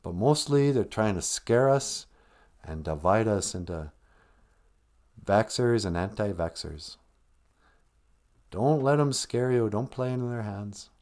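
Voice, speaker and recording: A man hosting a comedy podcast, speaking sarcastically in a mocking, ranting way. His pitch swings widely from line to line. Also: expressive, slow, pauses often, a little mellow. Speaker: podcast host. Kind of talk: satirical comedy rant.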